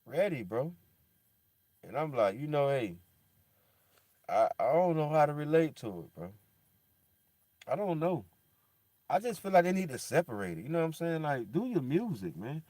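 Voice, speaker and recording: A man in a casual monologue, rambling in slang with lots of "bro" and "dog", swinging between loud animated bursts and a low somber mutter. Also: normal speed, pauses often, no room sound.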